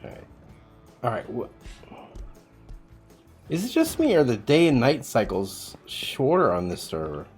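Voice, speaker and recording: A man's voice: mid-range voice, huge pitch swings, measured pace, pauses often, soft background music. A man streaming a game, chatting casually with viewers while he plays, rambling and swearing freely. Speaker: livestreamer.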